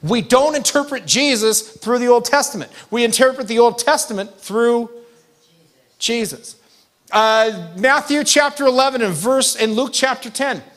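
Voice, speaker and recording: A pastor delivers a sermon in a high, bright-sounding male voice. He talks like he is chatting with the room, stressing key points firmly and tossing quick questions at the congregation. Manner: conversational, emphatic preaching with asides to the congregation.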